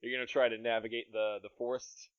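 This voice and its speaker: A man's voice: medium pitch, level tone, quick pace, clear, resonant tone, dry recording, dull audio. A man narrating a tabletop game as game master, descriptive and amused, laughing often.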